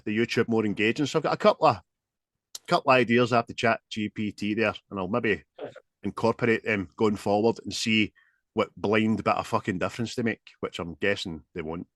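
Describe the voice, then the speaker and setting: A man with a Glaswegian accent hosting a podcast, chatting casually and swearing freely in lively banter. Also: fairly low pitch, no echo, studio quality. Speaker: podcast host. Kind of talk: casual chat.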